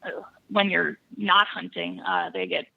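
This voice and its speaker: A woman's voice: deep voice, unhurried, creaky, narrow, tinny audio. A woman from Wisconsin, a podcast guest telling hunting stories in a casual interview, laughing often. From Buffalo County, Wisconsin. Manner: laughs often, lively storyteller.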